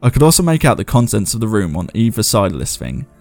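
A man's voice: lowish voice, huge pitch swings, quick pace, gravelly, a little mellow, no room sound, soft background music. A man hosting a show, chatting loosely and reading viewer ghost stories aloud, laughing at himself as he goes. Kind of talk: casual commentary and reading aloud.

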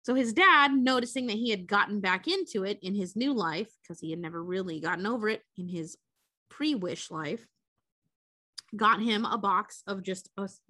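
A young woman podcast co-host retelling a movie plot in casual, profane chat. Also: mid-range voice. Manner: profane, animated storytelling.

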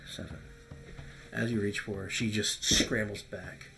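A man narrating as game master of a tabletop game, halting, with many fillers. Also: on the low side, fairly even intonation, creaky, music in the background.

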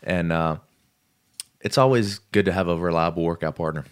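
A man's voice: low voice, normal speed, clear, resonant tone. A man in casual podcast conversation as a guest, telling stories and swearing freely. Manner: swears freely, tells stories with quoted dialogue.

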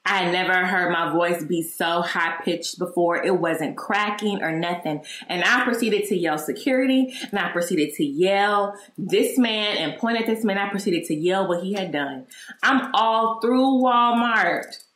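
A woman's voice: fairly low pitch, unhurried, roomy sound. Candid, profane woman podcaster. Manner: candid, profane, animated retelling. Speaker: podcast host. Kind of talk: personal storytelling monologue.

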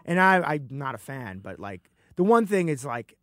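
A man talking in a casual chat, quick and chatty, often hedging what he says. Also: fairly high pitch, big pitch swings, fairly bright tone, no echo, clean studio sound.

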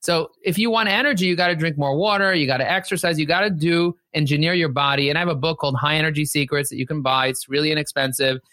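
A man coaches on a podcast in a bright, somewhat high voice. He hammers each point with emphatic repetition, preaching motivation. The sound is close and dry. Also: fast, hardly any pauses, no room sound. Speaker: podcast host and sales coach. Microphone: podcast microphone.

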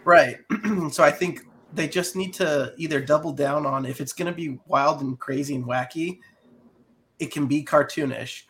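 A man chatting casually on a podcast, rambling with halting restarts. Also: on the high side, a bit bright, slight background noise. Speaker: podcast co-host. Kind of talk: casual chat.

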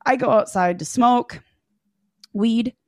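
A young woman on a podcast telling a dating story, animated and profane, acting out what people said. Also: on the high side, slow pace, no room sound, clean studio sound. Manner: animated, swears freely, acts out quotes. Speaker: podcast guest. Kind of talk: casual storytelling chat.

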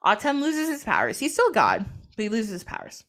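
Chatty woman host, casual myth storytelling, very lively pitch. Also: a little fast. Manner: chatty, animated, lots of fillers and laughs. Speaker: podcast host.

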